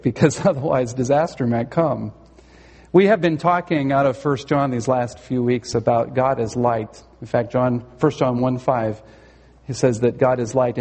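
A man's voice: on the high side, darkish tone. A male pastor preaching a sermon in a church sanctuary, earnest and conversational, with a touch of storytelling humor. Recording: long hall reverb.

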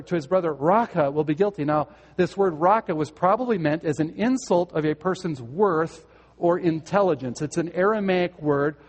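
A man's voice: high-pitched, long reverb tail. A man preaching a sermon, earnest and direct, putting questions to his listeners and repeating words as he goes. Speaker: pastor.

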